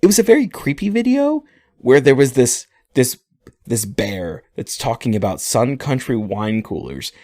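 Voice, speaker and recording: A man co-hosting a podcast, telling a story in a relaxed, casual way. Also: medium pitch, moderate pace, dry recording, clean studio sound. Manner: relaxed storytelling, laughing often. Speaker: podcast co-host.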